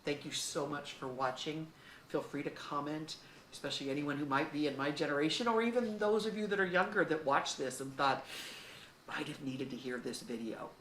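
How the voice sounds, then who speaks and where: A woman's voice: low voice, a little fast, a bit bright, roomy sound, slight background noise, poor audio. A woman in her fifties giving heartfelt advice to camera, talking expressively and with emphasis. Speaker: video host.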